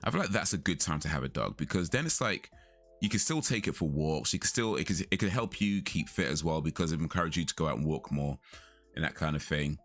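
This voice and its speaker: A man's voice: a bass voice, animated, fast talker, a bit bright. A young man casually chatting with viewers on a live stream, rambling, correcting himself and laughing often. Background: faint lo-fi music.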